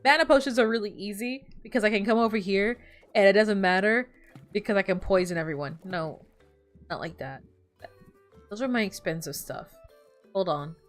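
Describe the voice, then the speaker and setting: A woman's voice: mid-range voice, normal speed, long pauses. A young woman streaming a game, chatting casually, laughing often and swearing as she tells stories. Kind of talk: casual gameplay chat. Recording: faint background music.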